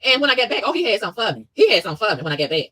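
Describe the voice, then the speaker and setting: Fast-talking, exasperated woman ranting. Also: breathy edge. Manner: fast, exasperated ranting with animated pitch swings. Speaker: vlogger. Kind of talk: ranting monologue.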